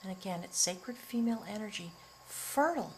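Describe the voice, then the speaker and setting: A woman's voice: mid-range voice, lively intonation, slight background noise, rough recording. Emotional woman giving a tarot reading. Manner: earnest and emotional, often choked up, breaking into soft laughs; slow, drawn-out delivery with soft near-whispered words. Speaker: tarot reader. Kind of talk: spiritual tarot reading addressed to viewers.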